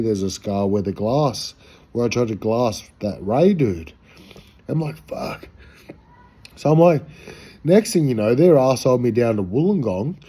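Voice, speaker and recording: Australian bloke, husky and dark-toned, casual rambling storyteller, swears freely. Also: male voice, medium pitch. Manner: rambling, profane, slangy. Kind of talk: casual anecdote.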